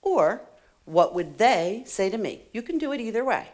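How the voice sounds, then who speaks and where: Middle-aged woman conference speaker, lively swooping voice, playful and laughing, talks to the crowd. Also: mid-range voice, normal speed. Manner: animated, laughs often, playful asides to the audience. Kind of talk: motivational talk to a live audience. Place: conference hall stage.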